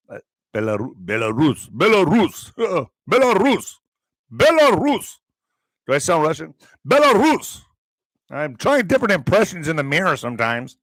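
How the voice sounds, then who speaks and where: This online commentary host's voice sits on the high side with a fairly bright tone. He reads news items and peppers them with profane, mocking asides. No room sound is audible, and the recording quality is low.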